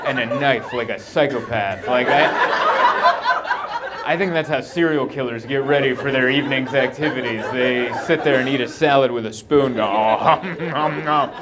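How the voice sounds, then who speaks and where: Rambling self-deprecating male stand-up comic. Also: mid-range voice. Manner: rambling self-deprecating storytelling, acts out his own inner voice. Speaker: stand-up comedian. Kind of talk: stand-up comedy set. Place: comedy club stage before a live audience. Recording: live show with clear audience laughter.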